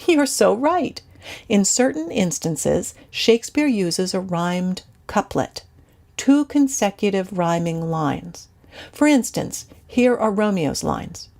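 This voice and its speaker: A woman teacher giving a scripted, measured lecture to students. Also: medium pitch, very animated, creaky, a little mellow.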